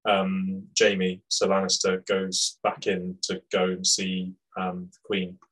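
A man's voice: deep voice, completely flat delivery, takes it slowly, a bit bright, low-quality recording. A man co-hosting a podcast, chatting casually and joking about a TV episode. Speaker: podcast co-host. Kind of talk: casual chat recapping a TV episode.

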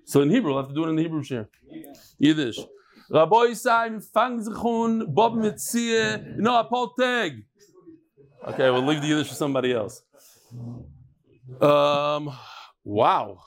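A fairly high-pitched man talks with bright energy, calling out to guests around the study hall. He is chatty and playful, and between greetings he reads emails aloud to the class. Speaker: Talmud teacher. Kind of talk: lively greetings before a daily Talmud class.

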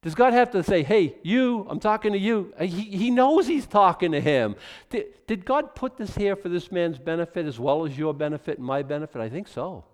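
A man preaching a sermon in an animated, excitable way, often stopping and restarting his sentences. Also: a little high, brisk, big-room sound. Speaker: pastor.

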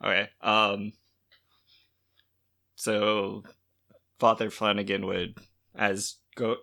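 Relaxed dude at a tabletop game, gravelly low voice. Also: male voice, slow, long pauses. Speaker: player. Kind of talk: casual game talk.

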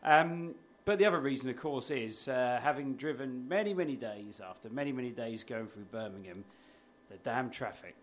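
A man in his forties talks in an even, mid-pitched voice, hesitant and repeating his fillers. Faint ambience hums in the background. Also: normal speed, slight background noise. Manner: hesitant, lots of "yeah, yeah". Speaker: guest. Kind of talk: casual chat.

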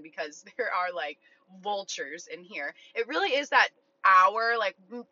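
Young woman, bright and sharp, blunt and profane storyteller, dull dry lo-fi sound. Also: a little high, no echo. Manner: blunt, profane, filler-heavy. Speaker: online content creator. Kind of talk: casual storytelling. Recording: dull lo-fi recording.

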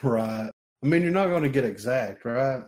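A man chatting casually about music, relaxed and profane, often laughing. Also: medium pitch, moderate pace. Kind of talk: casual chat.

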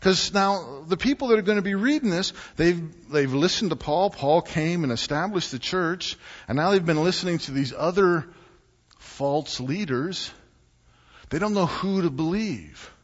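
A man preaching a sermon as pastor, telling stories and acting out quotes with animated delivery. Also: fairly high pitch, measured pace. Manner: animated storytelling with acted-out quotes. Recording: muffled sound in a reverberant hall.

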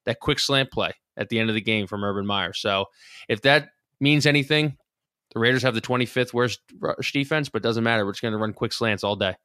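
A man co-hosting a sports betting show in an easygoing, excitable way, with a bright, forceful voice. He is recorded very dry and close, with no room sound. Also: lowish voice, fairly quick, no room sound. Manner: loose, swearing, excitable. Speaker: podcast co-host. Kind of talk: casual sports betting chat.

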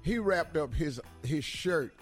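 A man's voice: a little high, expressive, takes it slowly, faint music behind. A man hosting a radio show, telling stories in casual banter with a laughing, drawling manner.

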